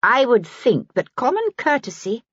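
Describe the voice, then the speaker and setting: A woman voicing a proud, insistent young gentlewoman in an audiobook, speaking in a haughty manner. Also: on the high side, sing-song, moderate pace, breathy edge, no room sound, lo-fi sound, pitched above the performer's own voice, full character voice.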